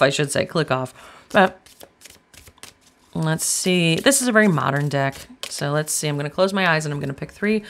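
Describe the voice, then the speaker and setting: A chatty woman runs a casual tarot reading, talking straight at her viewers. Her voice has a gravelly, creaky edge, and she is blunt and drops curse words without a second thought. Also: sits low, normal speed, fairly bright tone. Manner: chatty, blunt, swears freely. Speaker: tarot reader.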